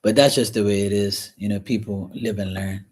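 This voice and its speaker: A man hosting a casual livestream from his kitchen while washing dishes, talking frankly and rambling, often clearing his throat. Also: fairly low pitch, level tone, moderate pace, darkish tone. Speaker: livestream host reading chat. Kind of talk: casual chat.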